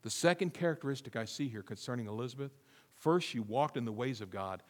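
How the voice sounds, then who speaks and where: A man preaching a sermon as pastor, reading scripture and swinging from hushed asides to loud, emphatic repeated lines. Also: mid-range voice, lively intonation, quick pace. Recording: long reverb of a large room.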